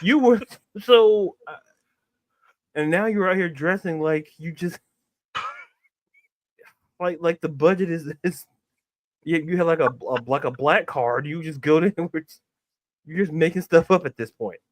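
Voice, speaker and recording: A man's voice: fairly high pitch, measured pace, pauses often. Joking man co-hosting a podcast. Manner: relaxed, joking, laughs while talking. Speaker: podcast co-host. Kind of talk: casual chat.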